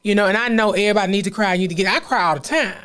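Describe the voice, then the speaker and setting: A woman's voice: mid-range voice, very fast, fairly bright tone, clear, resonant tone. Laid-back woman podcast co-host. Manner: laid-back, reserved, folksy sayings. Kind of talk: casual chat.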